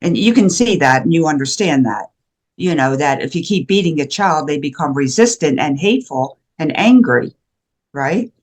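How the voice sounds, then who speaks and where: A woman's voice: low-pitched, lively intonation, moderate pace. Earnest older woman, emphatic guest. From USA. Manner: emphatic and earnest, with frequent restarts. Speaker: guest, shame and guilt educator. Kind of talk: conversational interview.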